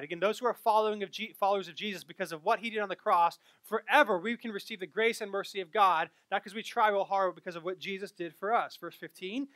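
Bright high-voiced man preaching. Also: quick pace, few pauses, dry recording. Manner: animated storytelling, rising loud at punchlines. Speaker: pastor. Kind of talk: sermon with personal stories.

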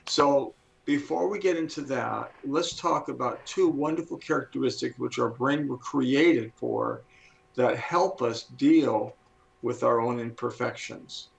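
Gravelly older guy in his 70s, earnest teacher vibe, slows way down on the big points. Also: mid-range voice, poor audio. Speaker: guest speaker. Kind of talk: explaining in a talk-show interview.

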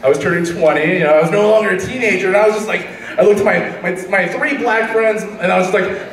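Young male comic, high lively voice, rambling, roomy hall, distant mic. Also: fast, few pauses. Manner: rambling, animated, laughs at his own story. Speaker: stand-up comedian. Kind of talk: stand-up storytelling.

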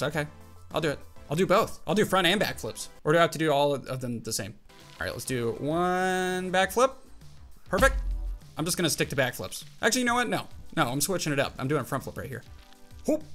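A young man with a somewhat high voice talks through a mobile game, jumping between puzzled muttering and excited outbursts. He hosts a casual gaming channel and narrates every move. Faint music plays underneath. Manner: excitable, jumpy, talks to himself while playing.

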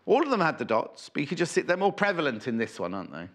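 A man hosts a live shopping broadcast from a studio, chatting freely and wandering off topic between sales pitches. His voice sits a little high and swings widely in pitch. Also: sing-song, fast talker, a bit bright. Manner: chatty, rambling, reads out viewer messages. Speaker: shopping channel presenter. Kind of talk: live TV selling chat. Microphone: earpiece and presenter mic.

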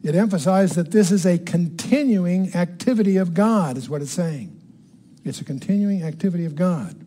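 A man's voice: high voice, moderate pace, warm tone. Older man teaching Bible with emphasis. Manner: emphatic, repeats key words, asks the audience questions. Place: room with a live audience.

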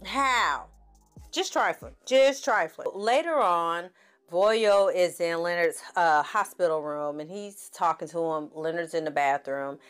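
A woman's voice: fairly low pitch, measured pace, smooth, soft background music. A woman giving a sassy, chatty recap of a TV series and acting out the characters' lines as she goes. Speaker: TV series reviewer. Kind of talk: casual recap commentary.

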